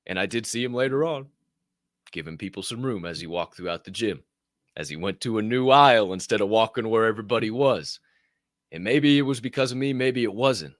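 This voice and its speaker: Middle-aged male podcast host, lively storyteller, profane and loud when he quotes people. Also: lowish voice, dry recording, studio quality. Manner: animated, profane, acts out other people's voices loudly. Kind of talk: casual storytelling.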